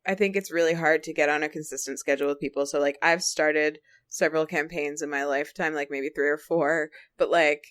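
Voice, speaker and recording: A woman's voice: low voice, steady tone, brisk, hardly any pauses, fairly bright tone. A woman co-hosting a podcast, chatting casually and rambling with lots of fillers and restarts. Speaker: podcast co-host. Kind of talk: casual chat.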